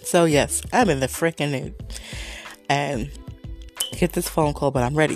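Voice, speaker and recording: A woman hosting her own show, telling a story in a sarcastic, animated rant with frequent swearing. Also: low-pitched, measured pace, pauses often, faint music behind. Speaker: podcast host. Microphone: desk microphone.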